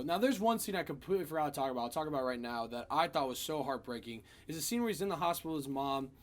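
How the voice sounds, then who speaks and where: A man giving a casual spoiler review of a film, retelling scenes in an animated, profane way. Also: a little high.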